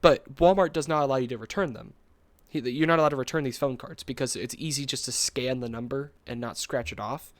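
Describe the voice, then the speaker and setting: A young man co-hosting a podcast, telling a story in a rambling, animated way, full of fillers and quick laughs. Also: medium pitch, no room sound. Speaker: podcast co-host. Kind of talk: casual storytelling chat.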